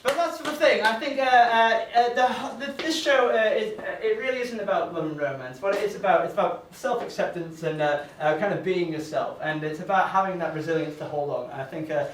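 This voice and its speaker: A man doing a stand-up comedy set, halting and rambling with lots of uhs and restarts. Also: high voice, slight background noise. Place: comedy venue stage. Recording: echoey room from a distance.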